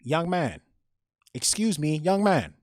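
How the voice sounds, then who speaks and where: A man voicing a tiny, timid elderly woman, pleading politely in a high voice. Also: very animated, slow pace, no room sound, clean studio sound. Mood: polite calling. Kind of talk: storytelling impression.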